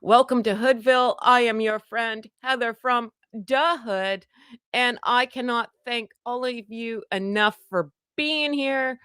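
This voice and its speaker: A woman from Canada hosting a casual livestream from home, chatty and self-deprecating, greeting viewers by name in a loud voice. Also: a little high, clean tone, dry recording, clean studio sound. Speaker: livestream host. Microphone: desk microphone.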